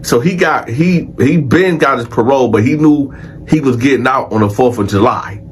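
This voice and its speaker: A man telling a prison story in a casual, animated and profane way, addressing his audience directly. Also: mid-range voice, normal speed, slight background noise. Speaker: storyteller host.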